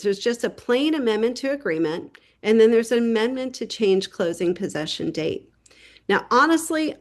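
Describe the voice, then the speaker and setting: A woman real estate agent gives a casual tip to other agents. She talks in a chatty, storytelling way and slips into quick voices for the people in her story. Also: mid-range voice. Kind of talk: casual how-to tip video.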